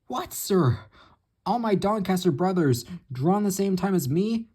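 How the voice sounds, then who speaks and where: A man's voice: on the high side, sing-song, measured pace, a little mellow, husky, pitched above the performer's own voice, full character voice. A man voicing a huffy, proud big steam engine. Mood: mournful. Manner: huffy and self-pitying.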